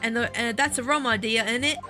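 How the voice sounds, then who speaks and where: A woman voicing a scrappy young street urchin girl in a put-on Cockney accent that slips toward Southern US, talking in cheeky, slangy, rough-grammar speech. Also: fairly high pitch, quick pace, over music, lightly acted. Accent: put-on Cockney, drifting toward Southern US. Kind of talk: reading game dialogue aloud.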